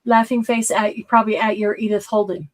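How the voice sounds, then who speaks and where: A woman's voice: mid-range voice, steady tone, fairly quick, poor audio. A woman hosting a casual live-stream craft sale, chatting as she shows items and counts stock.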